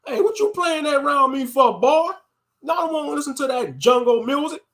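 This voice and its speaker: A man's voice: very high-pitched, animated, brisk, creaky, fairly bright tone, voice pushed up, heavily acted. A man doing a scolding grumpy old grandpa. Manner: scolding, indignant.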